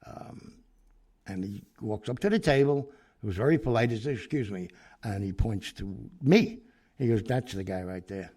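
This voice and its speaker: A man telling an anecdote in a lively way, acting out the people he quotes, with fillers and restarts. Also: fairly low pitch, normal speed, slightly rough. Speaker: storyteller guest.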